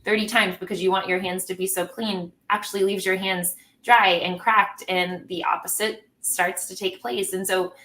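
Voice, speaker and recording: A woman's voice: medium pitch, fairly even intonation, moderate pace, hardly any pauses, pushed and bright, poor audio. A woman joining a casual panel chat, speaking in a reflective, thoughtful way. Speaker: parent education group participant.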